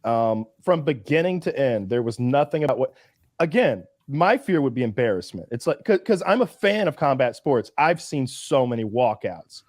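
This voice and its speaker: A man's voice: medium pitch, very animated, normal speed, a little mellow, dry recording, clean studio sound. A man hosting a podcast, telling long, rambling stories in casual chat and swearing freely. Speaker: podcast host.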